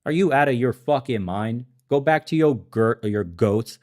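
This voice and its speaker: An animated, slightly mellow mid-range voice at a moderate pace belongs to a man hosting a podcast in the Balkans. Having immigrated to America, he rants with lots of swearing and fiery outbursts, now and again laughing at himself.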